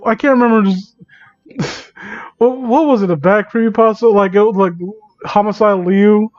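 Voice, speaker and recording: A man's voice: sits high, moderate pace. A young man sarcastically reading fan fiction aloud and mocking it, incredulous and laughing, recorded on a dull, dry home mic. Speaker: comedy reader of fan fiction.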